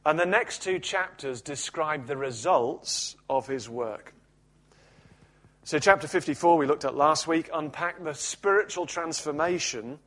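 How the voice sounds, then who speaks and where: A male pastor reading scripture aloud and then preaching an expository sermon in a measured, earnest way. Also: medium pitch, fairly bright tone.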